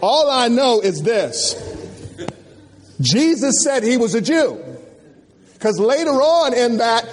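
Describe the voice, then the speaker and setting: A man preaching a sermon at a conference, animated and folksy, firing questions at the crowd. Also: very high-pitched, measured pace. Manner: animated, call-and-response questions, folksy slang. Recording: long hall reverb.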